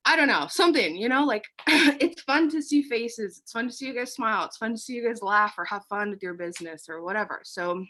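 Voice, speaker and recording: A woman's voice: fairly high pitch, a little fast, sharp tone. Breathless, chatty young woman. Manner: chatty, frequent fillers, blunt swearing. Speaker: team leader. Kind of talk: casual motivational team chat.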